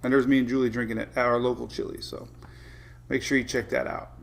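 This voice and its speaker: A man's voice: mid-range voice, flat delivery, quick pace, creaky. A man hosting a weather livestream in a casual, chatty way, greeting viewers by name and laughing often.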